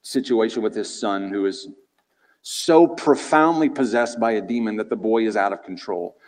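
A male preacher giving an expository sermon in a conversational, animated way, asking the listeners rhetorical questions. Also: fairly low pitch, moderate pace. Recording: reverberant hall.

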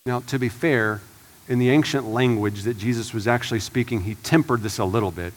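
A man preaching a sermon as pastor, swinging from hushed and slow to loud and urgent. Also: medium pitch. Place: church sanctuary.

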